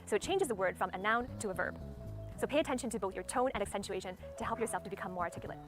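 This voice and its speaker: Woman speaking coach, very fast talker, clear music bed underneath, methodical teaching delivery. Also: medium pitch. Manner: methodical, demonstrates stress and tone aloud. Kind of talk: instructional talk.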